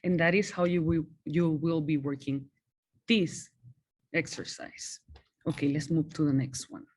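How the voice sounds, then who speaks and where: Brief: native Spanish-speaking woman teacher, low voice, unhurried, patient explainer. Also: little pitch movement, a little mellow, slightly rough. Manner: patient, explanatory, frequent checking "okay?". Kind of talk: recorded class walkthrough.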